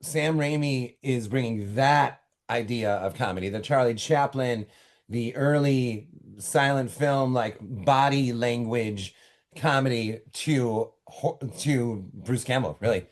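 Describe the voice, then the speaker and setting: A middle-aged man talks from his home office as an interview guest. His voice sits at an ordinary middle pitch, and he tells his stories eagerly, breaking off into quick asides and restarting his sentences. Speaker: author guest. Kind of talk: casual interview talk.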